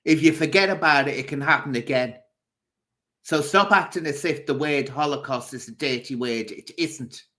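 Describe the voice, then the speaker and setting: A man's voice: a little high, normal speed, bright, forceful tone. Blunt man scolding live chat. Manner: blunt, scolding, addresses viewers directly. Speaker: livestream host. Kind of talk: casual livestream chat reading comments.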